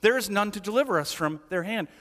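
Male pastor, sermon, conversational, rhetorical questions, high voice, long church reverb. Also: expressive, fast, a bit bright.

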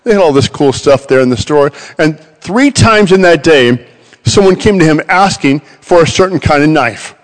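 Middle-aged male preacher, lively sermon storytelling, slightly high voice, reverberant hall sound. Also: normal speed. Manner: animated, storytelling with acted quotes.

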